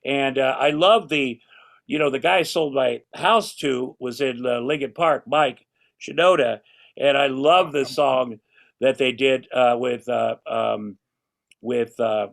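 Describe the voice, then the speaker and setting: A man's voice: mid-range voice, unhurried, vocal fry. Rambling older man chatting casually. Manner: rambling, restarts, swears casually. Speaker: guest. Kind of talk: casual chat.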